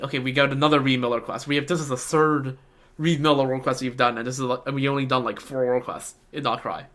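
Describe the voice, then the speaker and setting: This game streamer talks fast in a rumbling low voice with fairly even intonation. She jokes, chats casually, and talks to herself while playing through the game.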